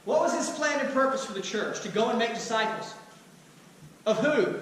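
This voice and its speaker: A man's voice: very high-pitched, animated, moderate pace, a bit bright, slight background noise. A man preaching a sermon as pastor, firing rhetorical questions with touches of humor. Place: church sanctuary. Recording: echoey hall, mic at a distance.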